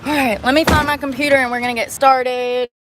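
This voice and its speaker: Woman vlogger, rambling, blunt and sarcastic, fairly high voice, phone mic in a parked car with faint road hum. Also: fairly even intonation, a little fast. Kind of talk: casual rambling vlog.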